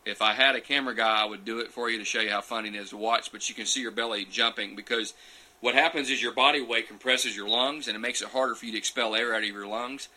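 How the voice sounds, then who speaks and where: Bright-voiced folksy man chatting live. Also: lowish voice, steady tone, fast. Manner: folksy, chatty, addresses viewers by name. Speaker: livestream host answering viewer questions. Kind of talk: casual live Q and A. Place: small room, on a futon couch.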